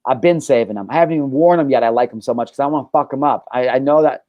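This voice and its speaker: A man's voice: medium pitch, racing, no echo, muffled recording. A man hosting a casual podcast, talking in a brash, boastful and profane way. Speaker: podcast host.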